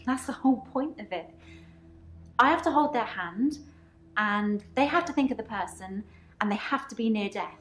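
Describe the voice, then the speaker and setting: A woman voicing a troubled young female patient who believes she can shapeshift, speaking in an earnest, halting way. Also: on the high side, expressive, fairly bright tone, roomy sound. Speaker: game character.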